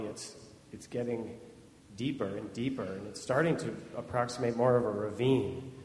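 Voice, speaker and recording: A man telling a personal story to an audience, lively and laughing often as he piles on vivid detail. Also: medium pitch. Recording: echoey hall playback with faint ambience.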